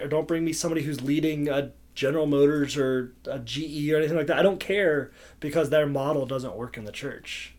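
Male podcast co-host, pastor, casual and chatty, a touch higher voice. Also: fairly quick, few pauses, a little mellow. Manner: chatty, laughs easily.

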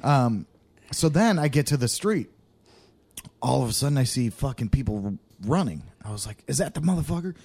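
A man telling a wild story on a podcast, his pitch swinging all over as he laughs and swears. His delivery is loose and casual, full of energy. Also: animated, moderate pace, darkish tone. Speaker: podcast co-host.

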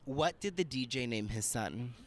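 A man's voice: mid-range voice, lively intonation, moderate pace, a little hiss or hum. A man co-hosting a podcast in casual chat, playful and jokey, telling dad jokes with exaggerated delivery. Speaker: podcast co-host.

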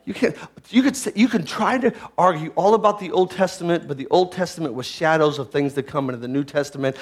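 Man, pastor, sermon, high-pitched, shouted peaks, hushed lows, rhetorical questions. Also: breathy edge. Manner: asks the listeners rhetorical questions.

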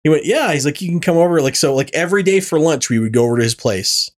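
A man hosting a podcast, chatting casually, swearing often and telling animated stories. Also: on the high side, fast. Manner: animated storytelling, swearing and laughing. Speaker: podcast host. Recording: poor audio from a faulty mic.

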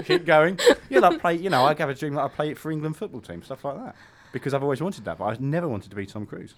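Male radio host, rambling casual chat, animated voice. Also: fairly high pitch, fast. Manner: rambling, filler-heavy, laughs often. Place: radio studio.

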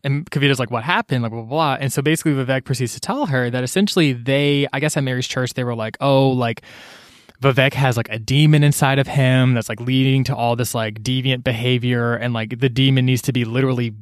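A man's voice: medium pitch, steady tone, fast talker, no room sound, clean studio sound. A man co-hosting a casual book-discussion podcast, rambling through the plot with lots of "like" and playful retold dialogue. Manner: rambling, full of "like" and playful "girl" retellings. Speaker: podcast co-host discussing a novel.

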